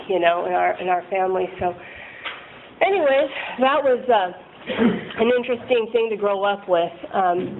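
Woman telling a candid story over a tinny line. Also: medium pitch. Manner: rambling, self-deprecating, with frequent laughs. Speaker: person sharing a recovery story. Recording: tinny phone-like line with faint noise.

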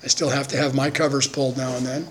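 At a recovery meeting, a man in his fifties gives an earnest personal testimony, acting out the voices of the people in his stories. He talks fast in a mid-range voice with little pitch movement, and the poor recording has slight background noise.

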